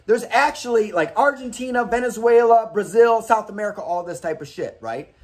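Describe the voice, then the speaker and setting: Animated, foul-mouthed horror-movie host. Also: mid-range voice, fairly quick. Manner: animated, swears constantly, rambling tangents. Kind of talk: casual profane rant.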